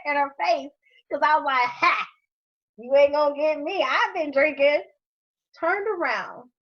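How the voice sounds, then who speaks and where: A woman and mother telling a story from her youth in a casual podcast chat, animated, laughing often and swearing freely. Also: high-pitched, lo-fi sound.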